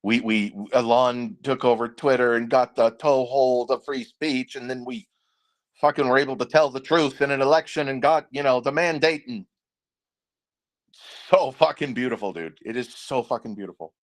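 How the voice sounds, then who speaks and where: A man hosting his own channel, ranting in a casual political monologue, profane and rambling, restarting his words and swinging between muttered asides and excited outbursts. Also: mid-range voice, moderate pace. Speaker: channel host.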